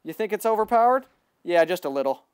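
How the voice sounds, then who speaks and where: A man giving excitable live gameplay commentary, boasting, repeating himself and bursting into loud yelling. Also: high-pitched, quick pace, clean tone, no room sound, studio quality. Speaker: gaming livestreamer.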